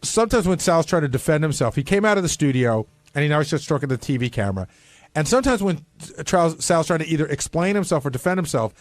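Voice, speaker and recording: A high-voiced man questions a colleague in casual radio banter, probing and a little incredulous. He sits close on a dry studio mic. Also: animated, fast, no echo. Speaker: radio show regular. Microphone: studio microphone.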